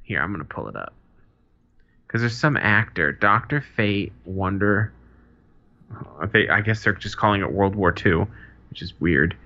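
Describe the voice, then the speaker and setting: A man co-hosting a casual podcast, talking excitedly with lots of swearing and laughter. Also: sits low, unhurried, long pauses, highs cut off. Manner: excitable, profane, laughs a lot. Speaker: podcast co-host. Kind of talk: casual chat.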